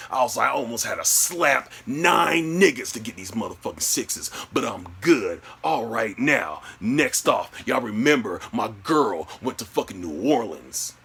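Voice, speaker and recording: A man telling a story as a brash, profane comedic rant, with loud outbursts. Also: medium pitch, gravelly, breathy edge. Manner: brash, animated, loud outbursts in acted quotes.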